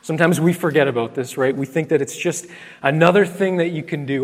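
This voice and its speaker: Man, pastor, earnest sermon, emphatic repetition, somewhat raised pitch, echoing church hall. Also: fairly quick. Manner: earnest, addresses listeners as friends; emphatic, repeats key phrases.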